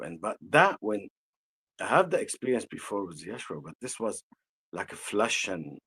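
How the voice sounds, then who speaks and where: A man with an Arabic accent, an energy healer telling a personal story in conversation, slow and halting with frequent restarts. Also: lowish voice, sing-song, sharp tone, breathy edge, rough recording.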